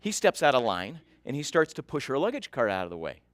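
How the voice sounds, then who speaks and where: A man giving a keynote talk, telling a story in an animated way and asking the audience questions. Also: mid-range voice, quick pace, no echo. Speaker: keynote speaker.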